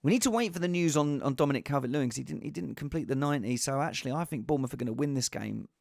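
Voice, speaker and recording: Excitable man with a lively, springy voice. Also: very fast, creaky, no room sound, studio quality. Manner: excitable, jokey, jumps to high exclamations. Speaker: fantasy football podcast host. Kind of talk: casual solo score predictions.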